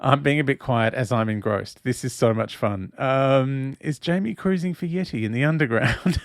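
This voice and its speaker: A man's voice: medium pitch, moderate pace, few pauses, no room sound, studio quality. A man hosting a casual watch-along, reading chat aloud and commenting, with a giggly, camp manner and frequent laughter. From Australia. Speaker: host of a watch-along stream.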